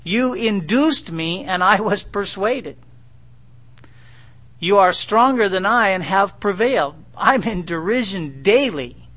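A sulky, anguished young prophet pours out his complaint in a high, bright, ringing voice, as a preacher acts him out. He pleads and protests with emphatic, exasperated force. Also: animated, slow, exaggerated voice.

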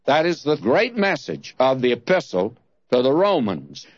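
A man preaching an expository sermon, slow and emphatic, leaning hard on key words. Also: mid-range voice, sing-song, dry recording, muffled recording.

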